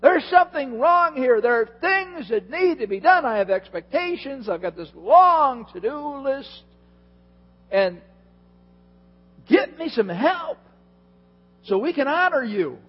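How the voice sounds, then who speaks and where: A man's voice: extremely high pitch, animated, slow, pauses often, voice pushed up, heavily acted. A man putting on an exasperated, overworked woman. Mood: indignant. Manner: pleading, complaining, emphatic. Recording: dull lo-fi in a reverberant hall with hum.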